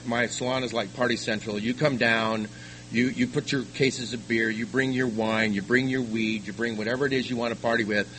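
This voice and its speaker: An older man giving a personal testimony at a recovery meeting, telling his story haltingly with frequent restarts. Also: medium pitch, a bit bright, a little hiss or hum, low-quality recording. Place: meeting room.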